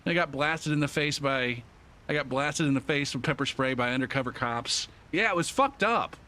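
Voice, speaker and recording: Bright-voiced, profane streamer man. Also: mid-range voice, normal speed. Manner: laid-back, swears constantly, lots of um fillers. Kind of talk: casual storytelling on a game stream.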